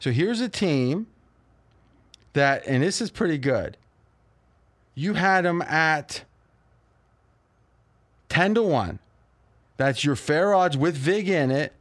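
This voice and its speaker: A man's voice: a little high, animated. A man hosting a sports betting talk show, cracking jokes and wandering into rambling asides. His talk is loose and conversational, and he cuts in on his co-hosts. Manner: joking, interrupting, quick rambling banter.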